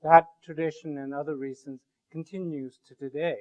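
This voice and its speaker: Male lecturer, slightly raised pitch, digressive and jokey, stumbles and restarts often in front of a class. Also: fairly even intonation, darkish tone, dull audio. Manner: rambling and joking, with many halting restarts. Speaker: university lecturer.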